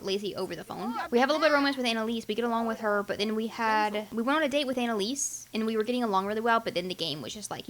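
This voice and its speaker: A woman's voice: on the high side, a bit bright. A young woman chatting casually and rambling cheerfully, first about her makeup and then while playing a life-sim game. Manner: chatty, upbeat, rambling with fillers and giggles. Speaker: gaming YouTuber.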